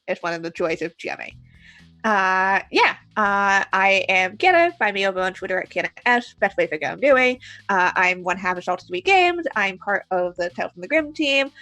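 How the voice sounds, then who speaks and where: A woman, the game master of a tabletop game stream, chatting quickly and laughing, swearing casually. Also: mid-range voice, animated, pushed and bright, dry recording, faint music behind. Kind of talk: casual wrap-up chat.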